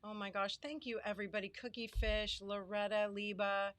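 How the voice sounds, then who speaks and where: A woman's voice: mid-range voice, steady tone, moderate pace, no room sound. Chatty middle-aged woman hosting a live stream. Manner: warm, chatty, greets viewers by name, emotional. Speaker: livestream host and small business owner. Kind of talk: casual live stream chat. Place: her home studio.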